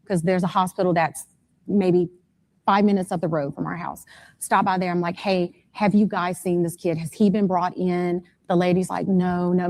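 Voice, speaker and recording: As an interview guest, a woman with a lowish, darkish voice describes events around her missing son one detail at a time, her telling turning urgent and frantic.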